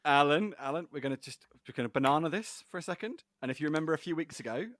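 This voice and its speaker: A man's voice: on the high side, lively intonation, fast talker, fairly bright tone, no echo, clean studio sound. A man hosting a casual podcast quiz, chatty and giggly, rambling with fillers. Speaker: podcast host, quizmaster.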